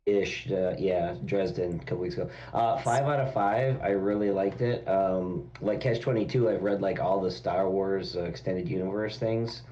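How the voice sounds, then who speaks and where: Man, book chat guest, low voice, laid-back, muffled lo-fi audio. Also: moderate pace, few pauses, dark tone, slight background noise. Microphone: video call.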